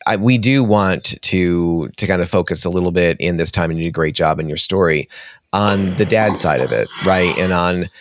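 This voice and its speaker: A man hosts a conversational interview, gentle and affirming in how he responds. His voice sits very low, and the recording is dry and close. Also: normal speed, no echo. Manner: gentle and affirming, with soft listening sounds. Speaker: interview host.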